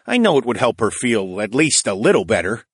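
A man's voice: medium pitch, very animated, a little fast, husky, no room sound, studio quality. A man voicing a respectful male town mayor who speaks formally and deferentially. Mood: eager.

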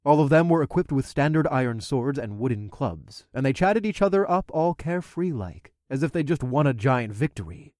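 A man narrating a first-person fantasy story in an expressive, conversational storytelling manner. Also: medium pitch, normal speed, few pauses, no room sound, studio quality. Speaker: audiobook narrator.

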